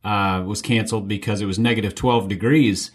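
A man's voice: on the low side, fairly even intonation, brisk, husky. A man who grew up in Minnesota, co-hosting a podcast and telling wry anecdotes in casual chat. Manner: wry, storytelling asides. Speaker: podcast co-host.

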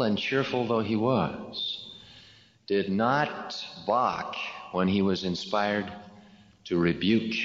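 Man, sermon, deliberate storytelling, low voice, roomy echo. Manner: slow, deliberate storytelling with dramatic pauses. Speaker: religious speaker. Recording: echoey hall, dull lo-fi sound.

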